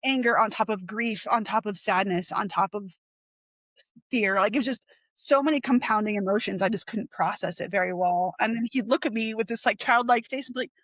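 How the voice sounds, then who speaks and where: Young woman, podcast guest, rambling, lots of fillers, acts out quotes, mid pitch, dry close sound. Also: fairly quick, no room sound. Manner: rambling, heavy use of 'like', animated retelling; acts out quoted voices with sharp pitch jumps. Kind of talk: candid conversational interview.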